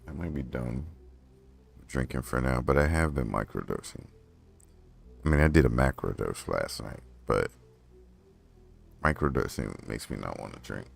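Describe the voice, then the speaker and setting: A man's voice: rumbling low, lively intonation, moderate pace, creaky, pauses often, slightly rough. A young man streaming a game, chatting casually to himself in a rambling, profane way. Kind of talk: casual livestream chat while playing a game.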